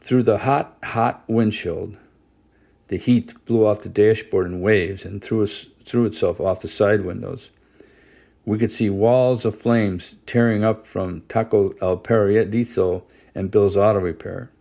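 A man reading a first-person novel aloud as an audiobook narrator, steady and measured. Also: fairly low pitch, creaky. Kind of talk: scripted narration.

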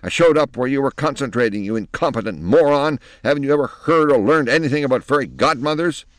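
A man's voice: mid-range voice, animated, quick pace, no room sound, pitched above the performer's own voice, natural voice. A man reading aloud, voicing a cranky, impatient old fairy godmother who insults and threatens. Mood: scolding.

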